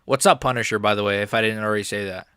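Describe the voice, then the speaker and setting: A man's voice: lowish voice, steady tone, very fast, pushed and bright, clear, resonant tone, no echo, studio quality. A man hosting a live stream, reacting to a fight in a casual, rambling, profane way.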